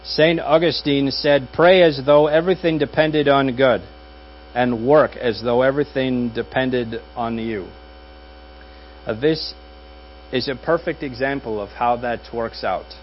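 A man's voice: medium pitch, fairly even intonation. Pastor, man, wry conversational sermon delivery, muffled take with light hum. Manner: conversational and wry, with dry jokes and pauses. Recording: dull audio with faint mains hum.

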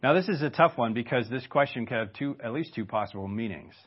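A man's voice: medium pitch, lively intonation, fast, husky, dull audio. Man preaching a conversational sermon. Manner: conversational preaching with rhetorical asides. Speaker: pastor.

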